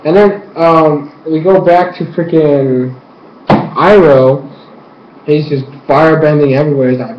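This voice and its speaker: Young guy gushing thru an episode recap, kinda high voice, echoey room, muffled lo-fi mic. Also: slow pace, slight background noise. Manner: rambling, animated, acts out scenes with sound effects. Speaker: fan reviewer. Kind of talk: excited casual episode recap. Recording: lo-fi echoey room, faint ambience.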